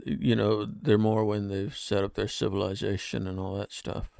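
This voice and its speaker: A man's voice: lowish voice, little pitch movement, normal speed, gravelly, warm tone, no echo. A man co-hosting a podcast, asking wry questions and reading verses aloud in casual chat. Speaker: podcast co-host.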